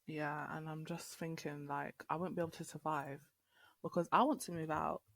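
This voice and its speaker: A young woman, a podcast guest chatting casually and filling her talk with "like" and quick laughs. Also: low voice, level tone, fairly bright tone, no echo. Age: young adult. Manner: chatty, lots of "like" fillers, laughs easily. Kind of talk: casual chat.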